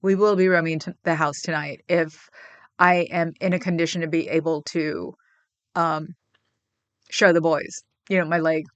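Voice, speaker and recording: A woman's voice: deep voice, steady tone, moderate pace, no room sound, lo-fi sound. A woman hosting a livestream, chatting casually and rambling with viewers, getting emotional about her pets. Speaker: livestream host.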